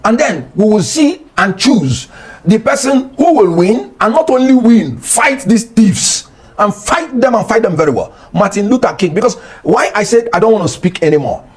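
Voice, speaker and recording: A middle-aged Nigerian man speaking with an accent as a guest on a political talk show, passionate and rising toward shouting. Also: sits high, big pitch swings, normal speed, breathy edge. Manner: impassioned, rising to near shouting.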